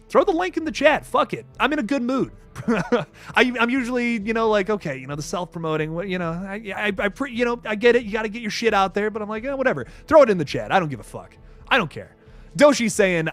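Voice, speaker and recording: A man's voice: sits high, fairly bright tone, no room sound. A young man hosting a casual live stream, reading viewer messages, laughing often and swearing casually. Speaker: livestream host reading super chats.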